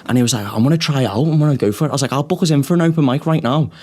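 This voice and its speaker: A man's voice: mid-range voice, rapid-fire, a little mellow. A young man, a comedian co-hosting a podcast, telling stories in casual chat, swearing often and laughing through them.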